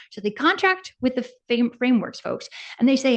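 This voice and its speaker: A woman's voice: fairly high pitch, sing-song, brisk, few pauses. A woman in her forties giving a conference presentation as an advocate, talking conversationally and asking the audience questions. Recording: dull lo-fi sound.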